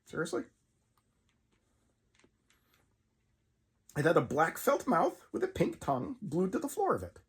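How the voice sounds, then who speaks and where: Monster puppet voiced by a man, male, breathy, wildly swinging pitch, nervous asides, story reading. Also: huge pitch swings, fairly quick, exaggerated voice. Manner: jumpy, self-conscious asides about being scared. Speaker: reader of a horror story.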